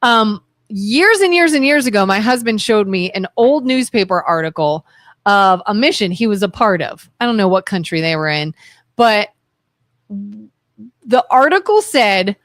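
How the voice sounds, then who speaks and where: A woman's voice: fairly high pitch, moderate pace, no echo, studio quality. A woman co-hosting a call-in talk show, telling stories and acting out the people in them. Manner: animated storyteller, voices the people in her stories. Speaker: co-host. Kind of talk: casual talk-radio chat.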